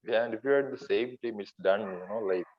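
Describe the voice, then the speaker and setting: A young man from India, a student basketball player speaking haltingly in an interview, full of "like" fillers. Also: lowish voice. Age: young adult. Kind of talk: casual interview chat. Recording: dull lo-fi sound.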